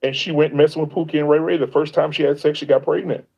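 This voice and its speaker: A man's voice: a little high, fairly even intonation, quick pace, creaky, darkish tone, lo-fi sound. A man speaking as a guest on a livestream, earnest and emphatic, often restarting his sentences. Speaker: guest on a livestream, content creator. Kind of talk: casual livestream chat.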